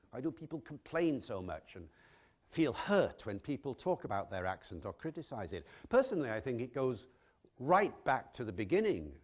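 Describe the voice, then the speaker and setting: A man from Wales, giving an educational talk full of rhetorical questions. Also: medium pitch. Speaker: lecturer on language.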